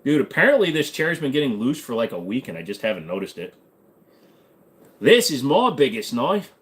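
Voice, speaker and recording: Brief: male streamer host, casual joking Q&A, easygoing and irreverent, mid-pitched. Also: big pitch swings, normal speed, fairly bright tone. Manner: joking, irreverent, answers chat while tinkering with gear. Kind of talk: casual livestream Q&A chat. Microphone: desk microphone.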